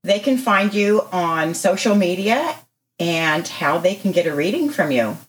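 A woman hosting a podcast, telling a personal story with an animated, expressive delivery. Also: on the low side, unhurried, rough recording. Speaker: podcast host. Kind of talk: casual podcast interview.

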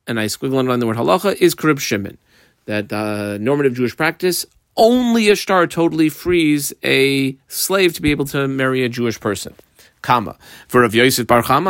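A man's voice: medium pitch, a bit bright, no echo. Man teaching Talmud, dry close sound. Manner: methodical, translates each phrase and marks up the text as he goes. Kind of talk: line-by-line Talmud study lesson.

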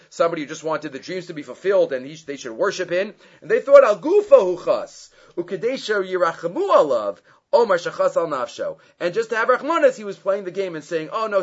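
A man teaching a Torah class, chanting Hebrew source texts and then explaining them in English. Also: a little high. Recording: dull lo-fi recording.

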